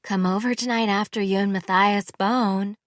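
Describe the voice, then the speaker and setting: A woman's voice: lowish voice, expressive, slow, breathy edge, no echo, clean studio sound, exaggerated voice. A woman voicing a brash young woman with a New Jersey accent who talks in a cheeky, teasing way. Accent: New Jersey (put on). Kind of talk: audiobook character voice.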